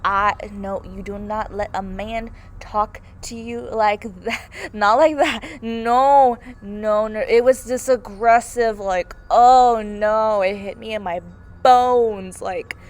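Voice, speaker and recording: A woman's voice: mid-range voice, steady tone, measured pace. Gushing young woman reviewing a movie. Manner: gushing, heavy use of "like" and "oh my God". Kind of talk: casual spoken movie review.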